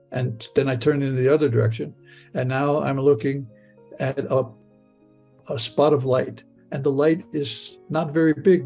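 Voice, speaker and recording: An older man telling his own story in a halting, stammering way, with frequent restarts. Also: mid-range voice, vocal fry, dark tone. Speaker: storyteller recounting a near-death experience. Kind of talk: personal storytelling.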